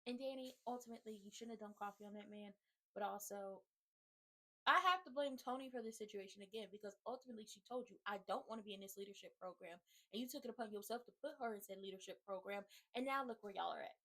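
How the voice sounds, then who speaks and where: A woman content creator giving casual, animated, slangy commentary while recapping a TV drama. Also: medium pitch, quick pace. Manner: chatty, animated, slangy, acts out characters' lines.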